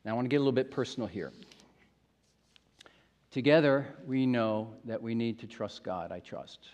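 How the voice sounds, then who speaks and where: A man's voice: mid-range voice, moderate pace, a little mellow, in a large hall, lo-fi sound. A male pastor preaching a sermon in an earnest, emphatic way, often repeating phrases for stress. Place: church sanctuary.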